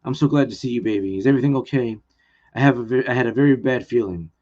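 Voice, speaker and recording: A man's voice: mid-range voice, fast talker, warm tone, highs cut off, lightly acted. Man reading as a pleading, praying mother. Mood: worried. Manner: pleading, prayerful. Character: praying, distraught mother of grown children.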